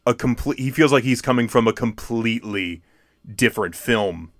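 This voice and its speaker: A man in casual chat about films, opinionated, often restarting his sentences and doing loud mocking impressions. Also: mid-range voice, normal speed, no room sound, studio quality. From United States.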